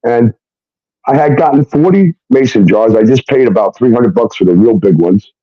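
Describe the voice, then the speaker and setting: A man's voice: mid-range voice, normal speed, dry recording. A man telling a personal story in a casual, emphatic way, often swearing and tagging sentences with "okay?". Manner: emphatic, profane, keeps adding "okay?". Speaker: guest. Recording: dull, dry lo-fi sound.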